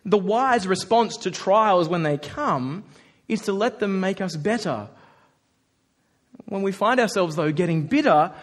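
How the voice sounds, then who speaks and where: A man preaching a sermon, animated and conversational, often acting out the voices of the people he quotes. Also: high voice.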